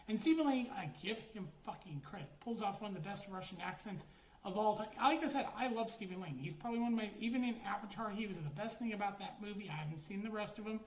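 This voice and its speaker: A woman giving a casual spoken movie review, rambling, excitable and full of swearing. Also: medium pitch, a little fast. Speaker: film reviewer. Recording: roomy echo, faint background noise.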